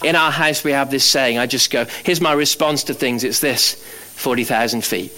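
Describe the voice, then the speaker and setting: A man preaching a sermon as pastor, animated, swinging from loud emphatic lines to low quiet ones. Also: normal speed.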